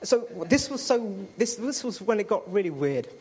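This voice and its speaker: A man's voice: sits high, sing-song, moderate pace, a little mellow. Man sharing his faith story. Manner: chatty storytelling with fillers and self-interrupting apologies. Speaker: speaker giving testimony. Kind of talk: personal testimony to a congregation.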